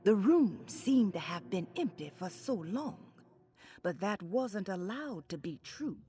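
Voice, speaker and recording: A woman giving measured, storybook narration in a game. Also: medium pitch, very animated, dark tone.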